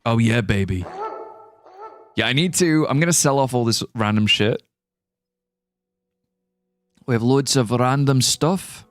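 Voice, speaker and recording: A man's voice: medium pitch, measured pace, pauses often, no echo. A man with a British accent, born in Singapore, chatting playfully and joking with viewers while playing a game on a livestream. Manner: playful, jokey, muses aloud, drops into mock accents. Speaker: streamer. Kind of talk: casual livestream chat while gaming.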